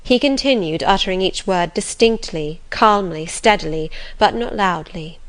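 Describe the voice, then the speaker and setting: A woman narrating a classic novel aloud in a calm, measured, gentle voice. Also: mid-range voice. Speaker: audiobook narrator.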